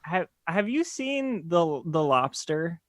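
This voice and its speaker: A man with a somewhat high voice and lively, bouncing intonation, playing in a tabletop game. He asks questions eagerly and laughs often. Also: slow, no echo, studio quality. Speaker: player. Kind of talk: casual tabletop game play.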